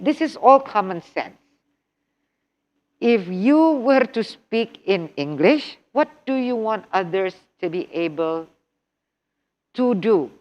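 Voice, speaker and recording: Woman lecturing slowly on English skills. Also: medium pitch, lo-fi sound. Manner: animated, repeats and stresses key points with rhetorical questions; acts out example phrases with exaggerated intonation. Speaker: English test-prep instructor. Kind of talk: workshop lecture.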